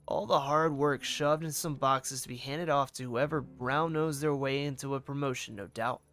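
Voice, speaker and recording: A man's voice: fairly even intonation, moderate pace, a bit bright, lightly acted. A man reading a weary, bitter woman detective. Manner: low, weary and resentful.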